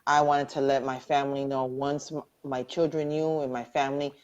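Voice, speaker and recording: Middle-aged woman, low-pitched, earnest and heartfelt, telling her survivor story over a muffled live stream. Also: little pitch movement, normal speed, a little mellow. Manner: earnest, heartfelt, repeats phrases for emphasis. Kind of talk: personal testimony in a live online interview.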